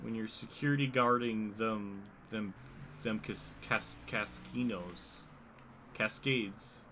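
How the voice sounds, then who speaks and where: A man's voice: on the low side, slow pace, pushed and bright. A young man live-streaming a racing game, commenting on the race and joking with his chat, often laughing. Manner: laid-back, laughing banter with chat. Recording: faint game noise behind.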